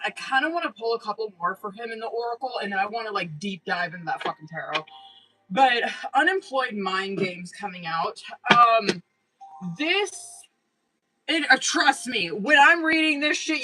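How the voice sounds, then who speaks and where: Excitable, foul-mouthed woman tarot reader. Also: mid-range voice, rough recording. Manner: excitable, heavy swearing, talks straight to a viewer. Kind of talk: live-stream tarot reading.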